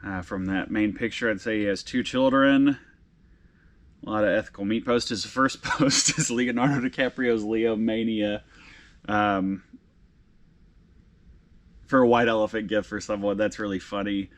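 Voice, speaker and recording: A man in his thirties with a fairly low voice talks casually through a vlog, reading messages aloud. He sounds emotional and halting, often restarting his sentences. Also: fairly even intonation. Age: 30s. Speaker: vlog host and tattoo artist.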